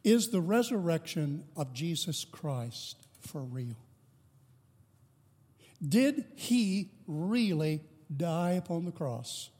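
A man with a high voice preaches slowly and deliberately, letting each phrase land. The long reverb of a church sanctuary trails behind his words. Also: darkish tone. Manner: slow, deliberate preaching with joking asides. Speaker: pastor. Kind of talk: sermon.

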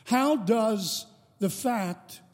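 A man preaching a sermon as pastor, deliberate and measured, with joking asides to the congregation. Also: high voice, big-room sound. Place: church sanctuary.

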